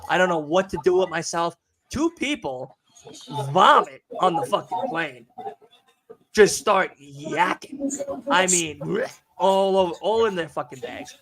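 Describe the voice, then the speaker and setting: A podcast host, a man, telling a story in casual chat, animated and profane, acting out the people he quotes. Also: high voice, a little slow, pauses often, a crowd in the background. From Long Island, New York. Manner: animated, profane, acts out quotes in put-on voices.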